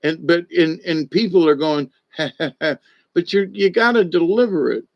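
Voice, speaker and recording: A man's voice: on the high side, normal speed, gravelly, dry recording. Older man rambling about cartoons, lo-fi. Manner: animated storyteller, trails off and restarts. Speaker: former stage director and puppeteer. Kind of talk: rambling casual monologue. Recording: dull, dry lo-fi audio.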